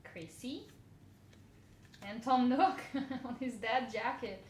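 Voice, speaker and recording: Woman, relaxed unboxing chatter, bright lilt, slightly higher voice, roomy echo. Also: takes it slowly. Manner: chatty, giggly, squeals over cute cards. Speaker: vlogger. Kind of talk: casual unboxing commentary. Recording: echoey room, faint noise.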